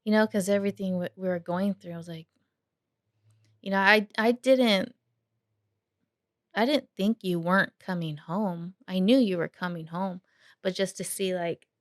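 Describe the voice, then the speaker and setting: A woman co-hosting a podcast, speaking in a hesitant, halting and soft-spoken way. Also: medium pitch, dry recording, studio quality. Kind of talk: casual conversation.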